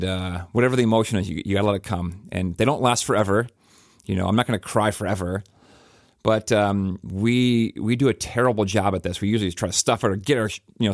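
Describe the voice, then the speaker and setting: A middle-aged pastor talks through a personal reflection, his low voice wandering through fillers and restarts. The sound is dry and close, with no room around him. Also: dry recording. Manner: rambling, conversational, many fillers and restarts.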